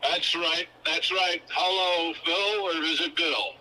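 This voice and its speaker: A man voicing a jolly old Santa Claus over a speakerphone, booming and chuckling. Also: steady tone, sharp tone, exaggerated voice, poor audio. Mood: jovial. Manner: booming, chuckling, slow and cheerful.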